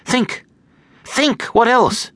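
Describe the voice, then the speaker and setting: A frantic young girl, squeaky and insistent, her voice pitched high and swooping with urgency, as a man reads her in an audiobook. She sounds bright and close against a dry, dead studio background. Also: very animated, normal speed, dry recording. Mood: urgent. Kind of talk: audiobook character voice. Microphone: close studio mic.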